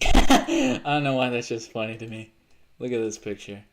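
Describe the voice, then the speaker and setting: A man streaming live who talks at a middling pitch in an easy, offhand way. He reacts to pictures and viewer messages on the fly, swearing freely and breaking into laughter. His sentences often stop and restart. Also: wildly swooping pitch, normal speed, very noisy. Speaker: livestreamer.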